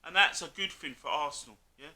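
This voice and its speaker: A man's voice: fairly high pitch, brisk, bright, forceful tone. A man arguing about football in a casual chat, bluntly, calling the other speaker mate over and over. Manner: blunt, argumentative, says "mate" constantly. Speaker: co-host, Liverpool fan.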